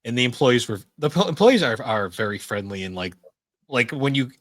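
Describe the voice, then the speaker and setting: A man's voice: mid-range voice, very animated, a little fast, no echo. A young adult man co-hosting a podcast in casual chat, rambling and swearing freely. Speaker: podcast co-host.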